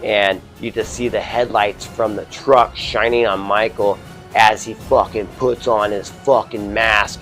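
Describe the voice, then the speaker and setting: A man with a fairly low voice rambles through a horror movie review in loose, casual talk. He swears constantly and leans on fillers as he retells scenes. Faint music sits behind him. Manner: rambling, heavily profane, filler-laden. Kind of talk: casual spoken film review.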